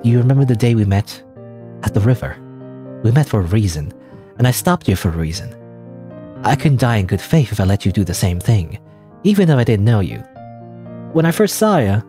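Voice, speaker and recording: A man voicing a gentle, protective teenage schoolgirl in a game, speaking softly and reassuringly. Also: fairly low pitch, big pitch swings, brisk, long pauses, faint music behind. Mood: earnest. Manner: soft, reassuring, turns stern.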